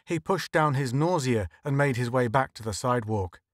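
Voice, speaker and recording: An audiobook narrator, a man with an ordinary middle-pitched voice, reads a scripted story aloud at a steady, measured pace. The recording is close and dry, without room sound or echo.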